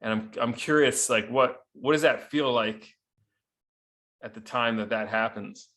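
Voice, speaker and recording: A man in the host's seat, speaking in a relaxed, reflective way as he sets up a question for his guest. His voice sits at an ordinary middle pitch. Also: measured pace. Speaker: host. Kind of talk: interview conversation.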